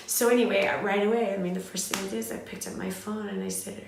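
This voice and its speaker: A middle-aged woman from Southern California, telling a personal story in a candid, animated way with fillers and restarts. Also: mid-range voice, fast, gravelly, slight background noise. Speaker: host. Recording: very echoey room.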